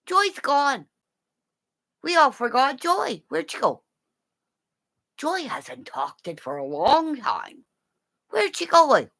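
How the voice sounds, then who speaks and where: Woman, livestream chat from home, laughs a lot, swears freely, slow drawn-out delivery, lively swooping pitch. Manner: laughs constantly, swears freely, teasing and affectionate. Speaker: livestream host chatting with viewers. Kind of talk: casual rambling chat. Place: at home, in bed with her dog.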